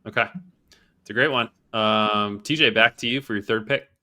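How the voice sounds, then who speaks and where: Bright-voiced enthusiastic podcast man. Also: fairly low pitch, fairly even intonation, normal speed. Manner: enthusiastic storyteller. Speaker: podcast co-host. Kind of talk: casual golf chat.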